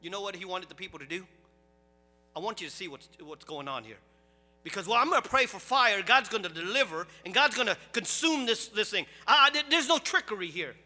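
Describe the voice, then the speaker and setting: Bright-voiced preacher in an echoey hall. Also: male voice, high-pitched, a little fast, faint music behind. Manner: animated, rising to loud preaching. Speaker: pastor. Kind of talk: sermon.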